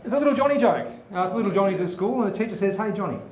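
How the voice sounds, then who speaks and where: Man, comedy joke-telling, fairly high voice, echoey room. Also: very fast. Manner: animated storytelling with asides. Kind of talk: telling jokes on a comedy show. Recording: echoey room with faint background noise.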